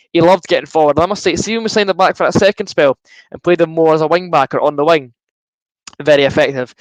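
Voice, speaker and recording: A man's voice: on the high side, no echo, poor audio. A young man hosting a live football watchalong, chatting casually and answering viewer comments. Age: young adult. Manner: chatty, reads out viewer comments, bursts into excited shouts at goals.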